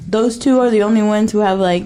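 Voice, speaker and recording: A woman co-hosting a casual podcast, teasing and easygoing in her chat. She speaks at an ordinary pitch for a woman. She is the one who moves the conversation along to the next question. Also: steady tone, fairly quick, dark tone. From Arizona. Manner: teasing, easygoing, steers the topic. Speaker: podcast co-host.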